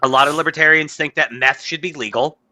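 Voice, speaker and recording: A man with a very bright, sharp-edged voice talks through a casual political podcast. He is blunt and quick to get worked up, with his pitch climbing as he argues. Between rants he reads news items aloud and stumbles over them. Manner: blunt, excitable, rising pitch when worked up. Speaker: podcast co-host.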